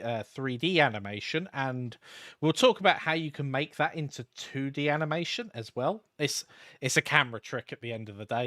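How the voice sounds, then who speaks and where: A man's voice: mid-range voice, a bit bright, no echo, clean studio sound. A man co-hosting a live stream, explaining things casually with a lot of filler words. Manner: explanatory, laughs easily, hesitant fillers.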